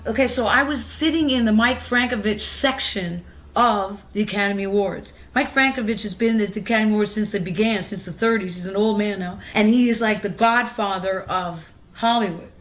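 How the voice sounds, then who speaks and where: A woman's voice: medium pitch, a little fast. A woman in her fifties, an actress interviewed at her home, telling rambling stories in a candid, profane way and laughing easily. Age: 50s.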